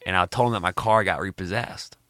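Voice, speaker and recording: A young man from Mississippi telling stories in a relaxed chat, saying "dude" often and laughing between lines. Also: sits low, quick pace, no room sound. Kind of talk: casual storytelling chat.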